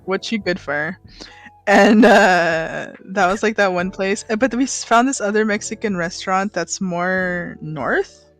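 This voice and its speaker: A woman's voice: medium pitch, a little slow. A woman in casual livestream chat who reacts sympathetically and tells her own food stories. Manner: sympathetic reactions, chatty storytelling.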